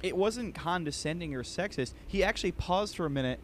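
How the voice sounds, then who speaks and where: A man's voice: high voice, expressive, a little fast, a little hiss or hum. Talkative man guesting on a podcast. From United States. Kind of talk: casual podcast chat.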